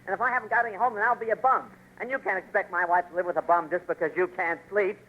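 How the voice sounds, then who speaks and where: A man's voice: high-pitched, steady tone, fast talker, very noisy, natural voice. An actor playing Norman, a fretful nephew who rambles through a chain of worries, in 1940s radio comedy acting on a tinny old broadcast. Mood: fretting.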